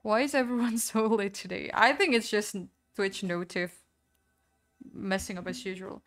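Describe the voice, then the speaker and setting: A woman's voice: medium pitch, normal speed, a bit bright, soft background music. A young woman streaming a game, chatting casually with her viewers, reading out chat and apologizing often. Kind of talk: casual live-stream chat while gaming.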